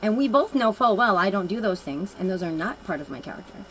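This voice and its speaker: A woman's voice: mid-range voice, very animated, fast, a bit bright, a little hiss or hum, low-quality recording. A woman giving a casual oracle card reading, telling personal stories in a blunt, rambling and emphatic way.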